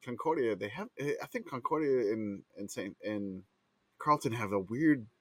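Co-host, male, animated pitch, dry close mic, laughs easily. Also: normal speed, husky, no echo. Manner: laughs a lot, hesitant restarts. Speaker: podcast co-host. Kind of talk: casual chat.

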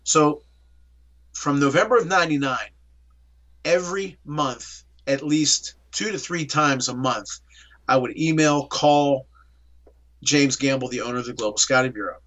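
Bright-voiced middle-aged man telling his story. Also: medium pitch, unhurried, long pauses, dull audio. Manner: animated, acts out dialogue in storytelling. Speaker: interview guest. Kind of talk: storytelling in an interview.

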